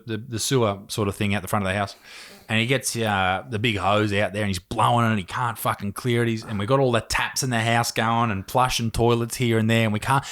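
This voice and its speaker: A man's voice: mid-range voice, a bit bright. Australian man telling a sweary story. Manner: laid-back storytelling, heavy swearing, laughing through the story. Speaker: podcast host. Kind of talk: casual chat.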